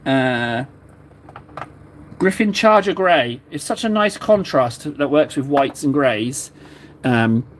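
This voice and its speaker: A chatty man streaming himself at work, talking viewers through every small step in a loose, playful way. His voice sits a little higher than most men's and moves freely as he jokes along. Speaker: streamer painting miniatures. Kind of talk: casual live-stream chat.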